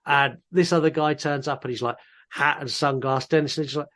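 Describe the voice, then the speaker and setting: A man co-hosting a podcast, chatting casually about a film and retelling scenes in an animated way. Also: fairly high pitch. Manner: animated retelling, slips into quick mimicked voices. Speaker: podcast co-host. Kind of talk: casual film review chat.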